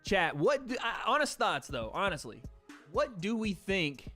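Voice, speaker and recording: A man's voice: high-pitched, sing-song, measured pace, pushed and bright, soft background music. A young man from the American South chatting casually on a livestream, reading donations and trailing off with laughs. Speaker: streamer hosting a watch party.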